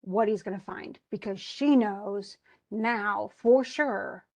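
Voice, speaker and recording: A woman's voice: medium pitch, takes it slowly, vocal fry, dry recording. A woman literature instructor giving a casual classroom lecture, retelling a play in a chatty, conversational way and slipping between modern slang and quoted old-fashioned verse. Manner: chatty plot retelling with frequent "he goes" asides.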